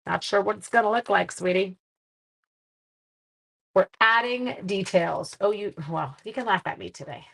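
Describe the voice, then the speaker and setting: A woman's voice: medium pitch, unhurried, gravelly, pauses often, a bit bright. Chatty woman demonstrating card-making. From Canada. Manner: chatty and self-deprecating, thinking aloud. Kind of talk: casual live-stream craft demo.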